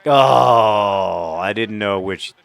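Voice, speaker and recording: A man's voice: fairly low pitch, extremely slow, vocal fry, fairly bright tone. Rambling man narrating a soccer game. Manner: rambling, self-deprecating, cheers on his team. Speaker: gaming video host. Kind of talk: casual commentary while playing a soccer video game.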